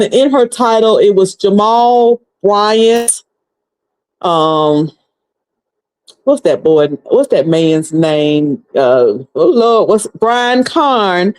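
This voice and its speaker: A woman's voice: medium pitch, darkish tone. A woman hosting a casual livestream from home, rambling and repeating herself as she chats, often laughing. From North Carolina, US. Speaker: livestream host. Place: home, a noisy washing machine upstairs.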